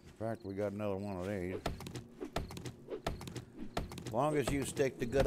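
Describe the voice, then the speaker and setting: An American man chatting casually while playing a survival game, talking to his dog and teammates and breaking into loud yelling. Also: lowish voice, fast, hardly any pauses, noisy background. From USA. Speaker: gamer streaming a survival game. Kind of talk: casual gameplay chat.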